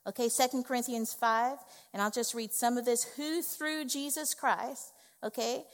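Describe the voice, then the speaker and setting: Woman preacher, fairly high voice, emphatic conversational sermon delivery, church hall reverb. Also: steady tone, moderate pace. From West Indies family. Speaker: executive pastor. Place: church sanctuary.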